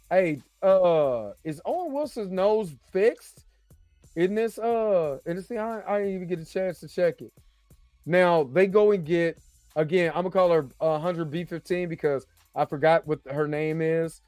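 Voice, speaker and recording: A man hosting a casual reaction review, animated and joking as he talks straight to his viewers. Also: high voice, normal speed, no room sound, faint music behind. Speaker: host and movie reviewer.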